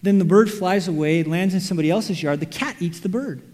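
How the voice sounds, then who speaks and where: A man preaching a sermon, animated, acting out quotes and everyday scenes. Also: high-pitched, brisk. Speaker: pastor. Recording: reverberant hall.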